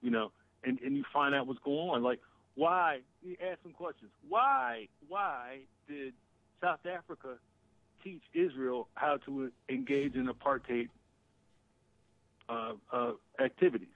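A man's voice: fairly high pitch, big pitch swings, unhurried, vocal fry, no room sound. A man calling in as a guest to a casual political talk show, emphatic, swearing and repeating himself. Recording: tinny phone line.

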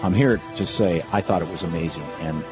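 A man's voice: sits low, fairly quick, over music. A man delivering a political commentary monologue, impassioned and with sarcastic asides. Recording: dull lo-fi dry recording.

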